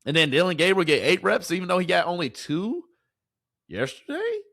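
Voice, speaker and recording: A man's voice: sits high, quick pace, a bit bright, dry recording, studio quality. Exasperated ranting male streamer. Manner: exasperated, ranting, repeating rhetorical questions. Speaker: sports commentary streamer. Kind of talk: heated fan commentary to a live chat.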